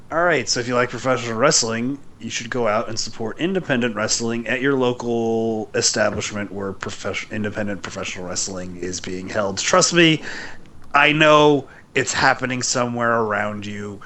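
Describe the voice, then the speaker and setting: A man hosting a wrestling podcast, telling stories in an animated, laughing way. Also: medium pitch, normal speed, a little hiss or hum. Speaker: podcast host. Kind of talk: casual chat.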